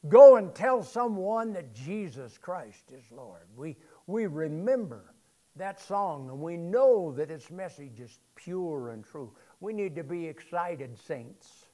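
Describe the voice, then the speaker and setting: Male pastor, high-pitched and deliberate, sermon with loud peaks and call-and-response to the room. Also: sing-song. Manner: swings from quiet to loud shouted scripture quotes. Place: church sanctuary.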